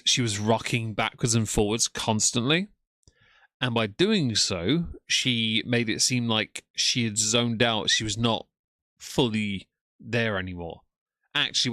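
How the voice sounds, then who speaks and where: A man commentating live over a stream with a bright, forceful tone and a mocking, sarcastic edge. He sounds dry and close to the mic, with no room sound around him. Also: lowish voice, a little slow, no echo.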